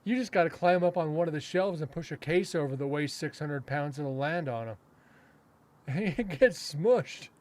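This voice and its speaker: Casual male podcast host, slightly high-pitched, loose rambling storyteller who acts out quotes. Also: fairly even intonation, a little mellow. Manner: rambling, with frequent fillers and self-restarts, chuckling; acts out other people's lines in quick quotes. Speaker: paranormal investigator and podcast host.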